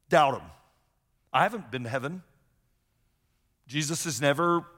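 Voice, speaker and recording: Preaching in a large church sanctuary that lends long hall reverb to the sound, a middle-aged pastor repeats key phrases emphatically and weaves in personal stories. His voice is on the high side and a bit bright.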